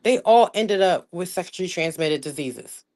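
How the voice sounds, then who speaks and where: A woman hosting a livestream in a casual rant, profane and emphatic, dropping to low mutters and rising to loud outbursts. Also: expressive, moderate pace, dry recording. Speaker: livestream host.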